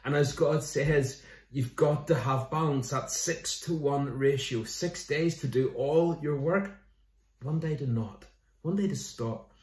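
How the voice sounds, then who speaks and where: A man's voice: fairly high pitch, slow pace, darkish tone, recorded from a distance. A man, a pastor giving an online sermon in a conversational way, with jokes and scripture readings. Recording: roomy echo.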